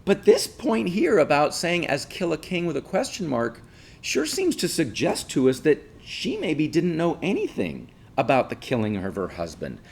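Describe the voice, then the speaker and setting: A man's voice: on the high side, huge pitch swings, moderate pace, creaky, husky. A male teacher giving a casual classroom lecture, explaining patiently and checking in with listeners by asking 'right?'.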